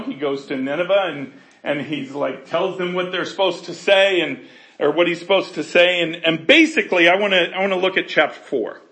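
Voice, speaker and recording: A man preaching a sermon in an animated, conversational way, often laughing and acting out voices. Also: on the high side, roomy sound. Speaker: pastor.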